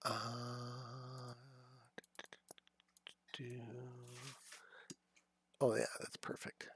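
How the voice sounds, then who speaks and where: Slow, unhurried male dungeon master. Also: medium pitch, slight background noise. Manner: unhurried, relaxed narration with fillers. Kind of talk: narrating a tabletop game.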